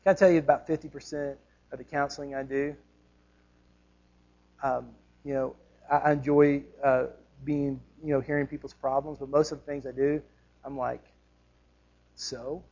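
Husky-voiced male pastor preaching emphatically. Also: medium pitch, little pitch movement, moderate pace, pauses often, a little mellow, lo-fi sound. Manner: emphatic preaching with rhetorical questions and repetition. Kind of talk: sermon.

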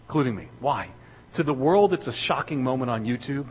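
A man giving a sermon as a guest speaker in a church, telling a story and building to loud, excited preaching. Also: medium pitch, brisk, breathy edge. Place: church sanctuary. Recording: dull recording in a reverberant hall.

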